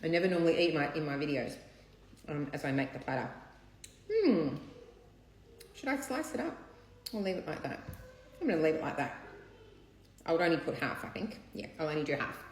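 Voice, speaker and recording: A woman's voice: low-pitched, lively intonation, a little fast, long pauses. A woman gossiping casually while she assembles a seafood platter in her home kitchen, with children bathing somewhere in the house. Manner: chatty, gossipy, candid, occasional swearing. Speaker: vlogger. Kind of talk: casual chat while cooking. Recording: echoey room, faint background noise. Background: children splashing in a bath.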